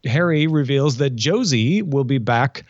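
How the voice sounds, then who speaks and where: A man's voice: medium pitch, expressive, unhurried, no room sound, lo-fi sound. A man co-hosting a podcast, summarizing a TV plot in casual chat with dry asides. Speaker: podcast co-host. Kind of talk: casual chat recapping a TV series.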